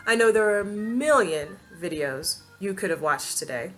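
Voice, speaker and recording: With faint music behind her, a woman hosting her own vlog relates a personal story to camera at medium pitch and a moderate pace. She's relaxed and expressive, laughing a lot and mimicking what others said.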